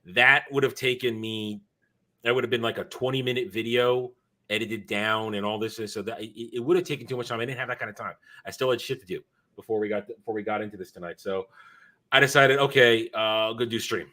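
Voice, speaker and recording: A man's voice: mid-range voice, sharp tone. A tired man hosting his own live stream, chatting casually and rambling as he corrects himself.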